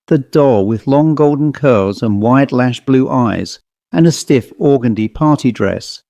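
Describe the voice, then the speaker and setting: A man narrating a horror story in a measured, dramatic manner. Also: mid-range voice, animated, warm tone, no echo.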